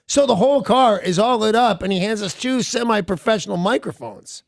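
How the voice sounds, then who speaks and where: A man's voice: high-pitched, animated, a little fast, gravelly, no room sound, clean studio sound. A man hosting a morning radio show, telling a rambling story with wry self-mocking humor. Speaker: radio host. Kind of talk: casual morning radio chat.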